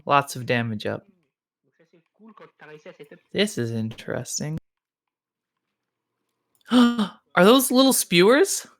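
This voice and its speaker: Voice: medium pitch, very animated, slow, vocal fry, long pauses. A commentator from Minnesota, chatting casually and playfully over a speedrun stream. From Minnesota, United States.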